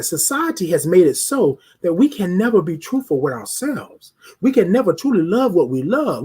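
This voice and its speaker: A man's voice: fairly high pitch, darkish tone, breathy edge. A man hosting a live show, talking straight to his viewers in an emphatic, preachy monologue. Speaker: host of a live talk show. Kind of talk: motivational live-stream monologue.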